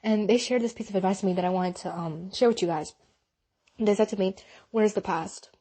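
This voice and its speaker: A young woman talks earnestly to her listeners in a heartfelt, casual motivational talk, slipping into relaxed slang as she goes. Her voice is mellow and dark, with a slightly husky, breathy edge, and sits at an ordinary pitch. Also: fast talker. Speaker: Muslim advice speaker.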